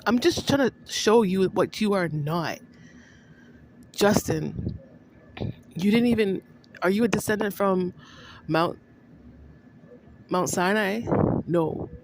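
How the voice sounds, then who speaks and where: A woman vlogger in a rambling monologue, accusing someone she addresses by name, repeating herself with halting restarts. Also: medium pitch, background noise. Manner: accusing, repetitive, addresses an absent person by name; halting, with many restarts and fillers.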